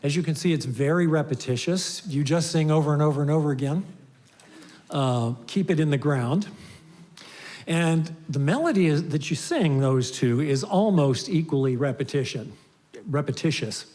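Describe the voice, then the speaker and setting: A man leading a worship service who reads a poem and gives relaxed, joking song instructions to the congregation. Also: a little high, normal speed.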